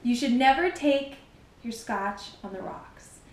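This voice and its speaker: A giggly, playful woman rambles casually to her viewers, her voice sitting a little high and her words coming out unhurried. She is recorded at home in a room with a noticeable echo. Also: darkish tone, slight background noise. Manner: giggly, chatty, playful, with many "like"s. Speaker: vlogger reviewing scotch. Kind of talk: casual, rambling talk to camera. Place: at home, wearing a robe.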